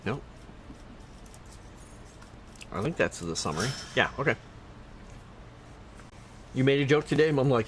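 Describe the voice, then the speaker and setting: A man's voice: medium pitch, lively intonation, a little fast, pauses often, fairly bright tone, a little hiss or hum. A man streaming a video game, chatting casually with viewers, reading out loot and skill text and teasing his chat. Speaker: livestreamer. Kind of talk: casual gameplay commentary.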